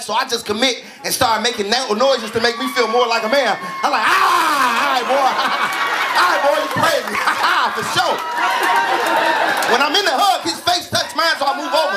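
A stand-up comedian telling a story on stage, acting out both sides in slangy banter. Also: male voice, very high voice, brisk. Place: live comedy club stage. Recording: live club recording, loud crowd. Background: loud audience laughter and crowd noise.

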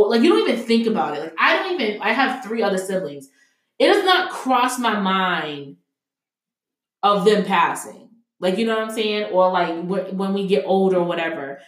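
A young adult woman co-hosting a casual podcast, talking emphatically and heatedly with many fillers. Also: mid-range voice. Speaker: podcast co-host. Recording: echoey room.

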